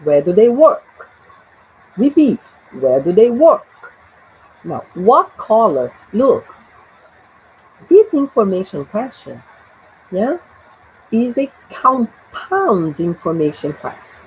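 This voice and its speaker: A woman's voice: medium pitch, big pitch swings, takes it slowly, pauses often, slightly rough, highs cut off. A Brazilian woman with a Portuguese accent teaching an English grammar lesson, drilling short phrases for students to repeat.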